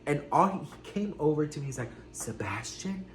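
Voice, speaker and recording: A man's voice: fairly high pitch, fast talker, a little hiss or hum. A man hosting a casual celebrity gossip vlog, sassy and dramatic, swearing freely, recorded with room echo. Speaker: gossip vlogger.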